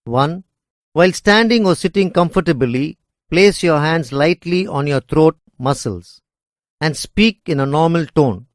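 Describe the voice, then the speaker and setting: Slow, measured male lesson narrator. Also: fairly high pitch, lively intonation, no room sound, clean studio sound. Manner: measured, deliberate reading. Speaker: instructor reading course material. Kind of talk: scripted educational narration.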